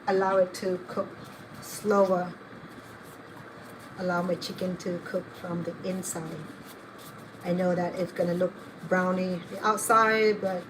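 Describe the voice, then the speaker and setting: A middle-aged woman hosting a cooking vlog, telling rambling, digressive stories as she cooks at home. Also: on the low side. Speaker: home cook and channel host. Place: home kitchen. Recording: kitchen with running water noise.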